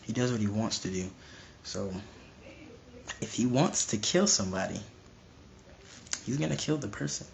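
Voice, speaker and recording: A man's voice: fairly low pitch, animated, normal speed, gravelly, long pauses, slight background noise. A young man preaching informally to a live stream, emphatic and repetitive, often restarting his phrases.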